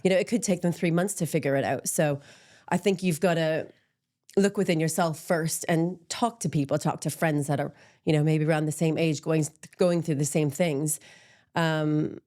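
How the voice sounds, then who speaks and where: Speaking at a moderate pace in a low, dark, steady voice, a middle-aged woman gives a candid interview. She founded a menopause support group, and she fills her talk with ums and self-directed laughter.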